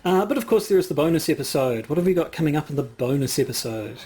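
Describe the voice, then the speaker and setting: A man's voice: on the high side, lively intonation, fast talker, warm tone, husky. A man co-hosting a podcast, chatting casually with a rambling, hesitant way of talking, full of fillers and restarts. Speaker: podcast co-host. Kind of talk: casual chat.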